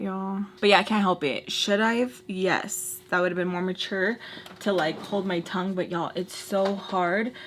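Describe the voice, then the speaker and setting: A young woman vlogger telling a dramatic storytime while doing her makeup, chatty and animated, full of "like" and "y'all". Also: mid-range voice, background noise. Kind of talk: casual storytelling.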